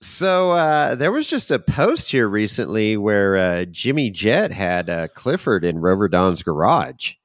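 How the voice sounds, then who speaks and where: A male podcast co-host chats casually and laughs easily. His voice sits low but moves around a lot in pitch. It sounds dry and close to the mic. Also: big pitch swings, a little slow, few pauses, no room sound. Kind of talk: casual chat.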